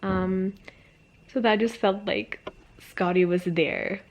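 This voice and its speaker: A woman in her early twenties, tearful after crying, talking haltingly to her camera about a book in an emotional reading vlog. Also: medium pitch, fairly even intonation, muffled recording, a little hiss or hum. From Sweden. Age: early 20s. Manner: emotional, halting, many fillers and sighs. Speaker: book vlogger. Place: alone at home talking to camera.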